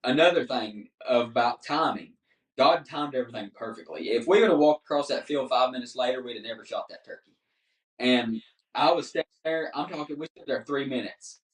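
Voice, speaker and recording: With a medium-pitched voice and a fairly brisk delivery, a man on a podcast recounts a story casually, performing the dialogue as an animated storyteller. The sound is roomy, the microphone some distance away.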